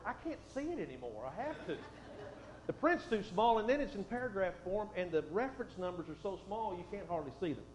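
A man preaching a sermon and reading scripture, folksy and conversational, dropping soft and then swelling for emphasis. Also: sits high. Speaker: pastor. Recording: roomy, dull sound with faint hum.

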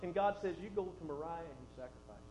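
High-voiced folksy preacher in a roomy hall. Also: male voice, animated, quick pace. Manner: folksy, conversational asides, drops soft then swells for emphasis. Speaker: pastor. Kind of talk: sermon with scripture reading. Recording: roomy, dull sound with faint hum.

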